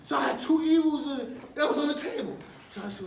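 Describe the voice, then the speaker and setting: Man, high register, live storytelling talk, slangy and chatty, echoey room, mic at a distance. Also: animated, fairly quick, creaky, slight background noise. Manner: conversational, street slang, laughs often. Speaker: speaker telling his own story. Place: university lecture room with audience.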